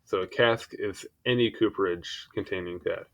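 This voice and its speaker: Young man, lowish voice, informal read-aloud, self-deprecating asides, fumbles pronunciations. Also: moderate pace, a bit bright. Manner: stumbles over foreign words, apologetic asides. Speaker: reader of encyclopedia articles. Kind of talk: casual reading aloud with asides.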